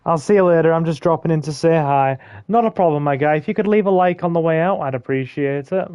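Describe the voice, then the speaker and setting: A man's voice: fairly high pitch, fast talker, a little mellow, clean tone, dry recording. A man co-hosting a gaming stream, joking and reading chat aloud. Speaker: game stream co-host. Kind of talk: casual gaming commentary.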